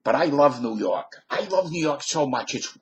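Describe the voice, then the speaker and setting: A man's voice: a little high, expressive, poor audio. A man in his fifties with a Southern US accent, telling folksy, meandering stories in a casual monologue. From Southern United States. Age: 50s. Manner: meandering, folksy storyteller, drawn-out phrases. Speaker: video blogger.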